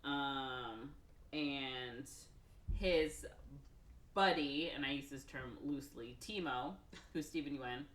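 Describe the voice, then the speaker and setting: A woman co-hosting a podcast, casually retelling a film with many fillers and quick acted-out quotes. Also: a bass voice, roomy sound. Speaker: podcast co-host recapping a film. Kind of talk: casual chat.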